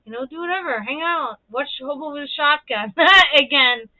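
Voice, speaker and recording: A woman's voice: sits high, moderate pace, no echo. A woman hosting a casual livestream, chatting and telling stories, swearing freely and laughing often. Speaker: livestream host. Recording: dry, tinny phone-like sound.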